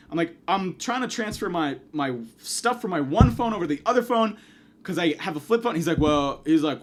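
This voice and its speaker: A man's voice: sits high, expressive, a little fast. A man doing a comedic monologue, ranting angrily and profanely, acting out the people he quotes.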